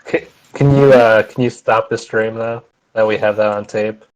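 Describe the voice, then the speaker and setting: A man's voice: lowish voice, fairly even intonation, moderate pace, rough recording. A man chatting casually with friends over a call, teasing them in a dry way. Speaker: tabletop game player. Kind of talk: casual chat among friends.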